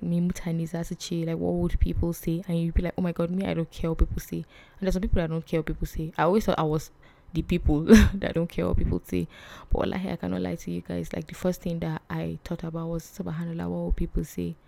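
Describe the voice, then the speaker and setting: Young woman, low flat voice, hesitant and soft, half whispering her story. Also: gravelly. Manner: soft and hesitant, often dropping to a whisper, with nervous laughs. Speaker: vlog host. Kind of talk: emotional personal storytelling.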